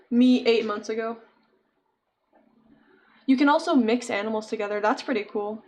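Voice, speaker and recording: A young woman chatting casually with her viewers while she crochets, giggling often and answering chat. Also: a little high. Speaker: streamer.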